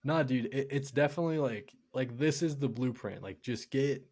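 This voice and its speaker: Young male podcast co-host, mid-pitched, loose excited chat, says dude. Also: normal speed. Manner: excited, casual, swears, says "dude" a lot. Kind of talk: casual chat.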